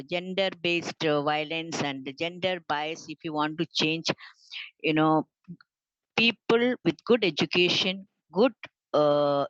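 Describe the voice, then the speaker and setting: An earnest woman talks over a video call, halting and full of fillers. Her voice sits fairly low, and the sound is dull and lo-fi from a dry, close mic. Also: fairly bright tone, dry recording. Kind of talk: unscripted panel talk.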